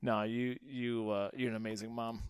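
A man's voice: mid-range voice, flat delivery, normal speed, clear, resonant tone, no room sound. Guy hosting a chill podcast, jokey and goofy, dry close mic. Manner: joking, playful. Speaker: podcast host. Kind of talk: casual chat. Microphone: close podcast microphone.

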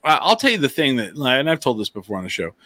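A man hosting a podcast, chatting casually and telling stories, with animated quoted voices. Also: medium pitch, fast talker, no room sound. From near the Texas border, eastern New Mexico. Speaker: podcast host. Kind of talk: casual chat, storytelling.

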